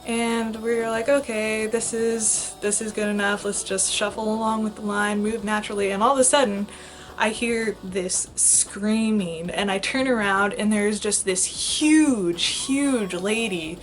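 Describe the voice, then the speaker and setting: A young woman casually telling a storytime vlog, animated and giggly, acting out the quotes with big jumps in her voice. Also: medium pitch, measured pace. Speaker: vlogger.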